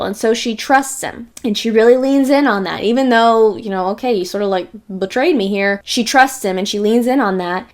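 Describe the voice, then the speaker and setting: A young woman with a slightly high voice reviews a book in a relaxed monologue. She is animated and chatty, checking in with her listener as she goes. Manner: animated, chatty, peppers speech with "right?" and "like".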